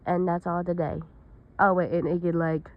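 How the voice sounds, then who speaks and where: A woman's voice: lowish voice, little pitch movement, normal speed, muffled recording. A woman telling an improvised story in a casual, rambling way, with run-on sentences and restarts.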